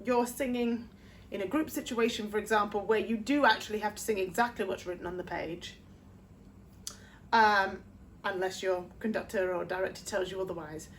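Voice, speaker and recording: A woman with a mid-range voice, a vocal coach, gives a music theory lesson, slowly explaining sheet-music rhythm step by step and singing short phrases as demonstrations. There is slight background noise.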